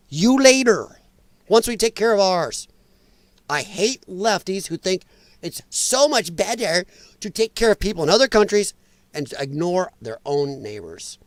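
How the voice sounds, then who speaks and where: A man hosts a political commentary livestream, ranting his opinions and answering viewer chat as he goes. His voice sits fairly high and swings widely up and down. The sound is dry and close, with almost no room echo. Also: expressive, a little slow. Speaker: host.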